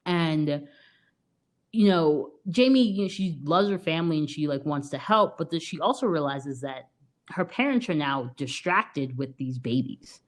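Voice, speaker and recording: Low-voiced chatty woman podcaster. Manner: chatty, many "like" and "you know" fillers, laughs often. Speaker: podcast co-host. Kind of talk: casual film review.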